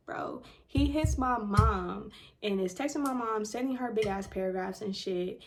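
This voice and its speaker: A woman's voice: medium pitch, a little slow, slight background noise. A woman casually telling a personal story to her viewers, blunt and heavy on profanity. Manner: blunt, profane, animated retelling. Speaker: storytime vlogger.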